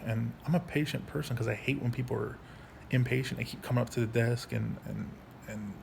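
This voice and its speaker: A man in his thirties telling his own story in a casual monologue, angry and profane, halting with frequent restarts. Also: medium pitch, creaky, a little mellow. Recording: faint background noise.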